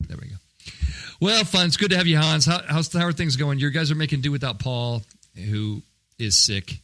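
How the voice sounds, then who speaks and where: A man's voice: fairly high pitch, normal speed, a bit bright, dry recording. Upbeat joking male podcast host. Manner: upbeat, jokey, chatty with fillers. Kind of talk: casual podcast talk.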